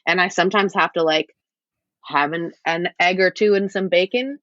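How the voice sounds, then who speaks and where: A woman's voice: lowish voice, moderate pace, a bit bright, no echo, muffled recording. A woman talking as a podcast guest, frank and rambling with wry self-deprecating asides. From United States. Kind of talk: candid conversational interview.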